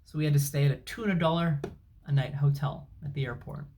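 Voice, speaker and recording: A man's voice: on the high side, brisk, darkish tone, slight background noise. A man, a travel vlogger, telling an angry, sarcastic, emphatic story at home. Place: at home, indoors. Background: dryer and washing machine running.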